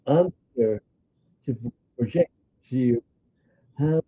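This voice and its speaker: Gravelly 91-year-old New York man. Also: mid-range voice, dry recording. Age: 90s. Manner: rambling, halting, many filler sounds. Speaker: interview guest, grandfather. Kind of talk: casual storytelling chat. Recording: tinny phone-like sound.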